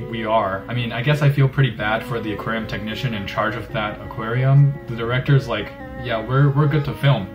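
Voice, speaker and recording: A young man hosting a fish tank review vlog, talking casually with a playful, teasing, mock-indignant manner. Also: mid-range voice. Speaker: channel host reviewing fish tanks. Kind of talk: casual joking commentary. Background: guitar music.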